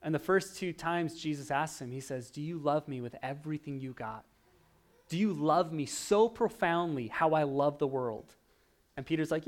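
A man preaching a sermon, animated, swinging from loud emphasis to hushed, quiet asides. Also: fairly high pitch, moderate pace. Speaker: pastor.

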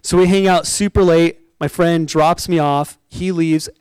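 Young man, youth-style preacher, animated and talky, bright high voice, dry close sound. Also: measured pace, smooth, dry recording, poor audio. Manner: animated, chatty storytelling with frequent "like" and laughter. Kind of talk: sermon with personal storytelling.

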